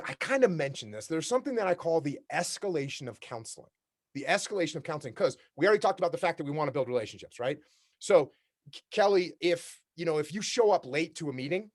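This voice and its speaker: A man giving a leadership keynote talk in a direct, repetitive way, acting out workplace conversations to make his points. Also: high voice. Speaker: keynote speaker. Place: remote talk for a virtual summit.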